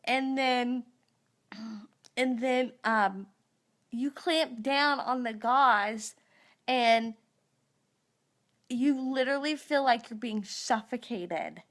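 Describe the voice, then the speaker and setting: Woman in her thirties, slow rambling storyteller. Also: fairly high pitch. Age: 30s. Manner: rambling, animated, groggy after surgery. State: mouth sore after dental surgery. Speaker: vlogger. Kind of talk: casual storytelling. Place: live stream recorded on a phone.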